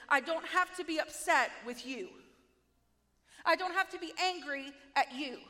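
A woman giving a heartfelt, emotional testimony in a sermon, talking slowly and sometimes near tears. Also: sits high, sharp tone. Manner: tearful, heartfelt, slow storytelling. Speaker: speaker sharing testimony. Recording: echoey hall with long reverb.

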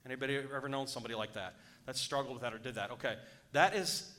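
A man's voice: medium pitch, fast, pushed and bright. A man preaching a sermon, reading scripture aloud and breaking off to exhort his listeners. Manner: rises to urgent exhortation. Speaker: pastor.

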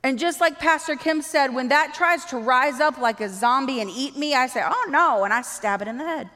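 High-voiced woman preaching in a big hall. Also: brisk. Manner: animated, acts out quoted dialogue. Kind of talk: sermon. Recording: long reverb of a large hall.

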